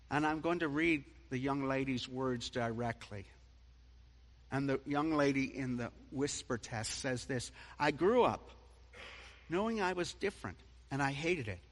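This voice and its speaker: Man preaching slow, goes quiet then booms, big echoey church sound. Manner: dramatic, swings from soft to loud. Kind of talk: sermon. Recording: long hall reverb.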